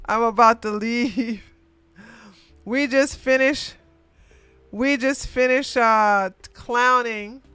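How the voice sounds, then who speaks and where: A woman hosting a casual livestream commentary, chatty and quick to laugh, with animated bursts. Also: on the high side, clear, resonant tone, no room sound.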